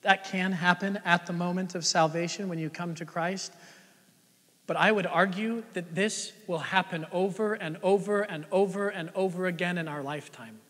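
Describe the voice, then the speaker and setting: Male pastor, sermon, high voice, animated and conversational, echoing church hall. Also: normal speed. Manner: swings between loud emphatic lines and hushed, near-whispered ones; animated, conversational preaching with rhetorical questions. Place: church sanctuary. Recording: long church-hall reverb.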